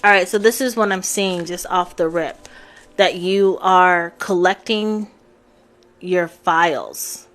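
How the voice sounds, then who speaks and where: Unhurried chatty woman reading tarot. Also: lowish voice, a bit bright. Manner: chatty, addresses viewers directly. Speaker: tarot reader. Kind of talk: live-stream tarot reading. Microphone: phone on a live stream.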